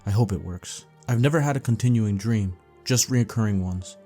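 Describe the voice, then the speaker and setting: A man calmly narrating a first-person dream story for sleeping, in a steady, low-key way. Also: normal speed. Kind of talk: calm bedtime story reading. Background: faint background music.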